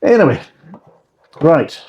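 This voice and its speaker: A man's voice: fairly high pitch, big pitch swings, slow, a little mellow, lo-fi sound. A man reviewing drinks in a casual, rambling recipe chat, with dry joking asides.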